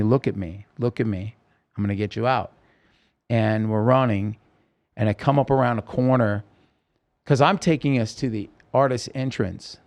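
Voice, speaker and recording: A man recounts a harrowing night in an interview, speaking at a middle pitch. He tells it urgently and vividly, voicing what people shouted and stumbling over restarts as he pushes through. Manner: vivid, urgent retelling with quoted speech and restarts. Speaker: podcast host telling his story as a guest. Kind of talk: interview storytelling.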